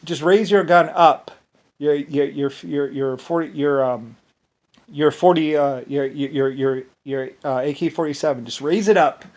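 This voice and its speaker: A man's voice: on the high side, measured pace, darkish tone. A man talking in a rambling, repetitive monologue, breaking into short laughs. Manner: rambling and repetitive, stacking restarts.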